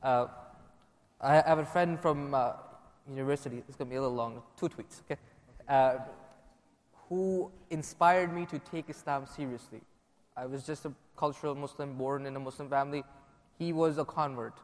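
A man on a panel telling a personal story in a conversational, animated way. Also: mid-range voice, moderate pace. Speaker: panel guest. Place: conference hall. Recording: long reverb of a conference hall.

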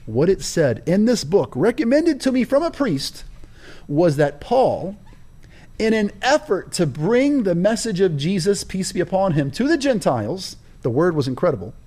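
This high, dark-toned male voice has a sing-song lilt and a normal pace. He shares his personal story as an interview guest, emphatic and preacher-like in how he punches key words.

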